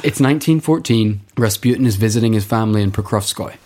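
A man casually telling a history story to a co-host on a podcast, relaxed and joking. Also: fairly low pitch, fast talker. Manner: laid-back, laughs along, retells events with put-on quotes.

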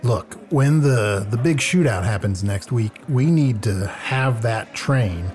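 A man's voice: medium pitch, expressive, takes it slowly, a little mellow, faint music behind. A man improvising a character in a role-play, scheming and exasperated. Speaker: player.

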